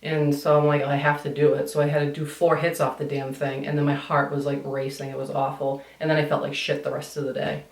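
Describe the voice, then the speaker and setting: A woman's voice: sits low, flat delivery, a little fast, few pauses. Chatty makeup vlogger, a woman who rambles and swears casually, roomy sound a bit off mic. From United States. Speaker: beauty vlogger. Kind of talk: chatty get-ready-with-me vlog. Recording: echoey room, somewhat far from mic.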